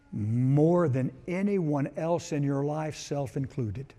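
A male pastor preaching a sermon, emphatic, swelling to loud declarations and then dropping low. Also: slow, few pauses. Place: church sanctuary. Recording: long reverb of a large hall.

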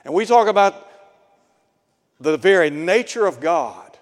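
A man preaching a radio sermon, slow and deliberate, asking his listeners pointed rhetorical questions. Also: sits high, lively intonation, in a large hall.

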